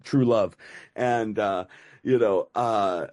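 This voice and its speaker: A man's voice: fairly low pitch, slow pace, darkish tone. A middle-aged man gives a personal recovery share. He talks casually, with lots of "you know" and restarts. His humor is dry and self-mocking. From United States. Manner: conversational, many fillers and repeats. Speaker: recovery meeting speaker.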